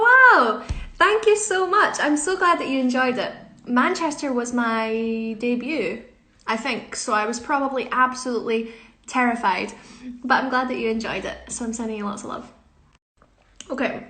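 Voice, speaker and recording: A young woman, a musical theatre performer, chatting casually in a social media Q&A on a phone, giggly and self-deprecating. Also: on the high side. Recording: echoey room.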